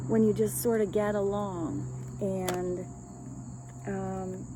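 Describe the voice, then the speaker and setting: A woman's voice: medium pitch, flat delivery, slow pace, background noise. A woman giving a casual, rambling love reading as a tarot reader, chatting with light laughs.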